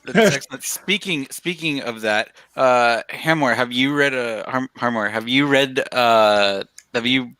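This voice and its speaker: Bright-voiced, upbeat man. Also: medium pitch, unhurried, hardly any pauses, no room sound. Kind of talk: casual podcast chat.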